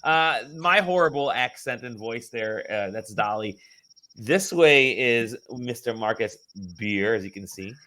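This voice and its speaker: A man's voice: medium pitch, lively intonation, measured pace, pushed and bright. A man hosting a podcast over a video call, chatty and enthusiastic in his welcomes. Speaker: podcast host. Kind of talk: casual chat.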